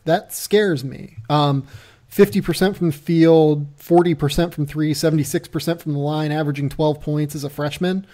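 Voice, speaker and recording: A man's voice: fairly high pitch, mellow. A man hosting a podcast, chatting casually and loosely about basketball draft prospects, laughing at himself. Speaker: podcast host.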